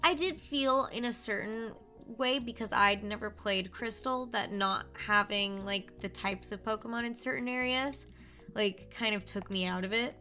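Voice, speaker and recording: A woman co-hosting a casual gaming stream, joking playfully and chiming in with quick agreement. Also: a little high, bright, forceful tone, faint music behind. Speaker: streamer co-host.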